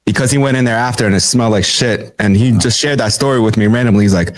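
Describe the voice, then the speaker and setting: A man's voice: lowish voice, fast. A man chatting casually and telling a rambling story with an easy laugh.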